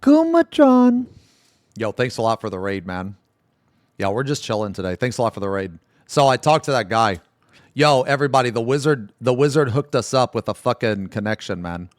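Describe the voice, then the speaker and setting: A man's voice: on the low side, fairly quick, no room sound, clean studio sound. A man livestreaming, chatting casually with viewers in a rambling way, often laughing and swearing.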